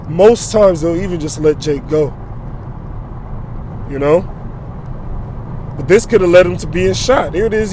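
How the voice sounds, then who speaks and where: A man with a high, mellow voice gives an informal sermon while in transit. He quotes scripture and keeps checking in with his listeners, with faint traffic noise behind him. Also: lively intonation, moderate pace, pauses often. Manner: quotes scripture, asks "all right?" and "you know?" often. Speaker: preacher.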